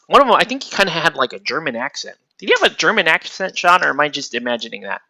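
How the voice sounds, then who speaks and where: Man, livestream host, casual painting chat, rambling, excitable, bright voice, dry close sound. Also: fairly high pitch, racing, hardly any pauses, no echo. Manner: rambling, excitable, laughs often.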